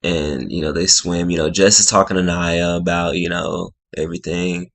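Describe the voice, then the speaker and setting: A man's voice: deep voice, fairly even intonation, normal speed, vocal fry, few pauses, fairly bright tone. A man casually recapping a reality show episode in a rambling way, full of filler words. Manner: rambling, full of "like" and "you know".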